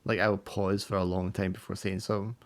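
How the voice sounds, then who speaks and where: A man's voice: deep voice, level tone. A British man chatting casually over voice chat, taking his time with his sentences and swearing offhandedly. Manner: slow, deliberate, swears casually. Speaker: player in an online tabletop game group. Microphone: voice chat mic.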